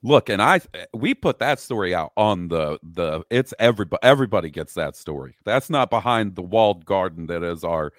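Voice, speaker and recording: Chill podcast cohost guy, kinda low voice, dry close mic. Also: expressive, normal speed, few pauses, no room sound. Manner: laid-back, telling a story with asides. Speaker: podcast co-host. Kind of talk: casual storytelling.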